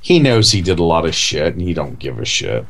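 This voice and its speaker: A man's voice: a bass voice, very animated, fairly quick, vocal fry, a bit bright. A man co-hosting a casual chat, rambling with lots of "like" and "you know". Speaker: podcast co-host.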